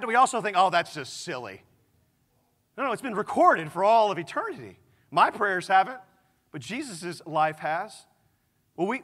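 A man preaching a sermon as pastor, animated and conversational, full of rhetorical questions to the congregation. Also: high voice. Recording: long hall reverb.

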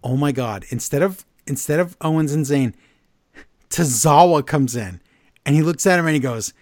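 A man's voice: a little high, normal speed, no echo, clean studio sound. A man co-hosting a podcast, recapping wrestling shows in a casual, exasperated and mocking way. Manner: animated, exasperated, mocking the quotes.

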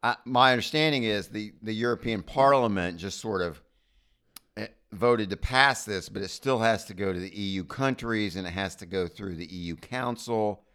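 An American man co-hosting a casual podcast, musing through his opinions in a halting, thoughtful way. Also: lowish voice, fairly bright tone, smooth. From United States. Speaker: podcast co-host. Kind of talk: casual chat.

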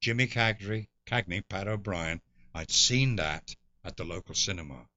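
An older English guest actor tells stories during an interview, an expansive storyteller who drops in theatrical asides. His deep voice has a sharp tone at a normal speed, though the recording is muffled.

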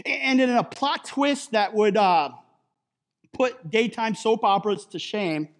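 A male pastor delivers a sermon with a notably high voice. He talks slowly and unhurriedly, keeps checking in with "right?", and drops joking asides along the way. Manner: conversational, keeps adding "right?"; jokey asides.

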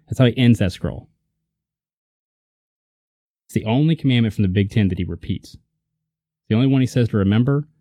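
Male Bible teacher, relaxed but emphatic delivery, low warm voice, dry recording. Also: no echo. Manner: conversational, emphatic, checks in with "right?". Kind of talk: casual teaching talk.

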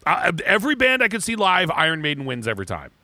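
A man's voice: on the high side, wildly swooping pitch, fast, pushed and bright, dry recording. A man co-hosting a podcast, rambling through casual chat with crude jokes and constant restarts. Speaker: podcast co-host.

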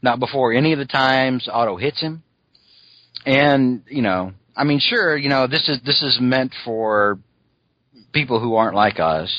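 A man's voice: medium pitch, expressive, measured pace, no echo, dull audio. A man co-hosting a podcast, chatting casually and rambling, with lots of "you know" asides. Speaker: podcast co-host. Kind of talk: casual chat.

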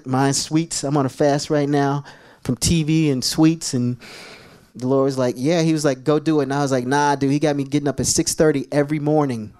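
A man preaching a sermon as pastor, telling animated, jokey stories to his church. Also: mid-range voice, clean tone.

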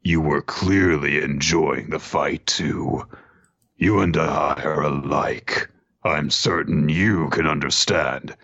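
Man putting on a deep, battle-hungry male monster, slow and looming, on dull lo-fi audio. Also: a bit bright, slightly rough, heavily acted. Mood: menacing.

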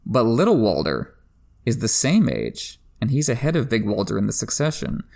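A man hosting a book discussion podcast, giving enthusiastic literary analysis, pushing his pitch up sharply for emphasis and laughing now and then. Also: huge pitch swings, moderate pace, gravelly, darkish tone. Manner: laughs while talking. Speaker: podcast host.

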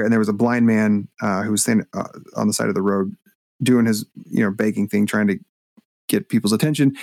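A man, a guest author and minister, telling a story in a podcast interview with animated, halting delivery. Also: on the low side, no room sound, clean studio sound. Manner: animated, acts out voices when retelling, halting restarts.

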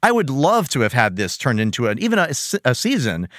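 Enthusiastic male podcast host, lively delivery, close dry mic. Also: fairly quick, dry recording. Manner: enthusiastic, animated, acts out quotes in high voices. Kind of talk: casual chat reviewing a cartoon.

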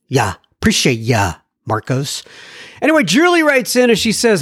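A man with a high voice hosts a podcast, reading out listener emails and adding chatty, self-mocking asides. The sound is close and dry, with no room around it. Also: huge pitch swings, moderate pace, a bit bright, breathy edge, no echo. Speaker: podcast host. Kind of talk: reading listener emails aloud with casual commentary.

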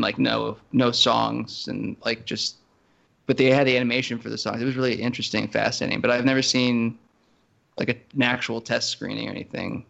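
A man co-hosting a podcast, chatting casually in a rambling, animated way, full of fillers and restarts. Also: medium pitch, gravelly, muffled recording. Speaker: podcast co-host. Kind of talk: casual chat.

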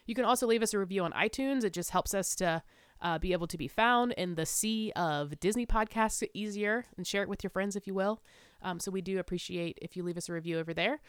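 This podcast co-host is a woman with a clear, resonant mid-range voice, talking casually and at length. She laughs often and uses lots of fillers, captured in clean studio sound with no room noise.

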